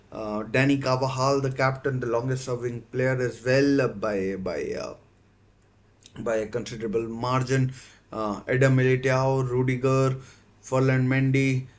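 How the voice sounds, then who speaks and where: A man's voice: mid-range voice, a little mellow. A man hosting a live football watchalong stream, talking casually with many fillers and self-corrections.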